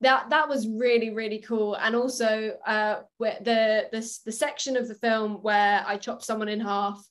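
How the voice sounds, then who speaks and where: A young woman actress, a guest in an interview, telling animated stories from a film shoot and laughing often. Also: fairly high pitch, moderate pace. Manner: giggly, animated storytelling. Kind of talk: casual interview chat.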